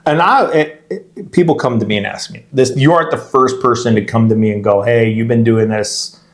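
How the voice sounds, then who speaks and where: A man's voice: mid-range voice, fairly quick. Rambling middle-aged man hosting a podcast. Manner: rambling, self-interrupting, laughs while telling stories. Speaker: podcast co-host, real estate agent. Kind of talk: casual podcast chat.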